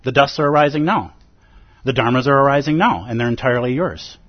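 A man's voice: medium pitch, fast talker, muffled recording. A man giving a dharma talk as a meditation teacher, earnest and pleading, with playful asides.

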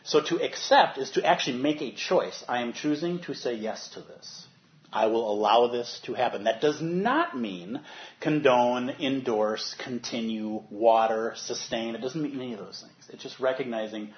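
A man giving a dharma talk as a meditation teacher, animated, moving from soft, quiet stretches to loud bursts as he acts out inner voices. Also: mid-range voice, moderate pace, highs cut off.

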